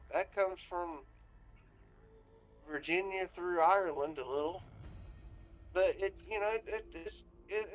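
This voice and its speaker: A man talks slowly and tells a rambling story, swearing freely. His voice sits a little high. Soft music plays faintly behind him. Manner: profane, animated storytelling. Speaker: guest on a talk stream. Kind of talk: rambling casual chat.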